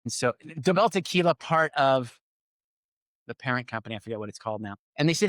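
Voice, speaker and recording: A middle-aged man telling business stories in a casual interview, acting out quoted lines with lively swings. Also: mid-range voice, fast, no echo. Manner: animated storyteller, acts out quoted lines. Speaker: podcast guest.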